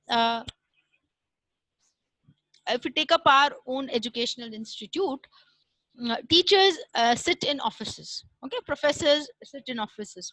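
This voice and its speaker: Bright high-voiced woman lecturing. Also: no room sound, poor audio. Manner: explains step by step with frequent "uh" pauses and "right?" checks. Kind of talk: recorded classroom lecture.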